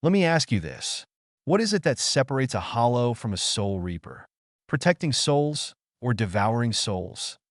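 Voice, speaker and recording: A man voicing a calm, menacing male villain who lectures and sounds sinister, in a dry recording. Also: mid-range voice, normal speed, no echo, close to an everyday voice.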